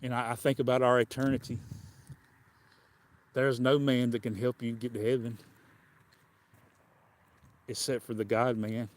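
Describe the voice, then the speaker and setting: A man's voice: mid-range voice, flat delivery, a little slow, long pauses. Folksy Southern man preaching. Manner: folksy, colloquial, repeats and restarts. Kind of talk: livestreamed sermon.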